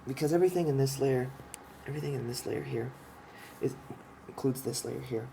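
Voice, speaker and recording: A man's voice: medium pitch, a little fast, gravelly, warm tone, a little hiss or hum. A man in a rambling, profane, impassioned monologue who keeps restarting his sentences and explains while pointing at a drawing. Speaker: vlogger explaining his ideas.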